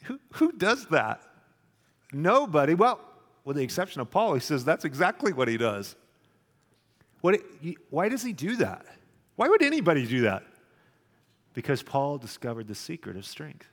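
A middle-aged man preaching a sermon to a congregation, swinging between loud animated questions and quiet confessional lines. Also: a little high, normal speed, pauses often, long reverb tail. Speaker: pastor. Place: church hall with congregation.

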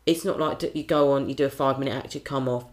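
A woman, a singer and compère, chatting in an interview and telling stories with lively put-on quotes. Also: rumbling low, racing. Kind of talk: casual interview chat.

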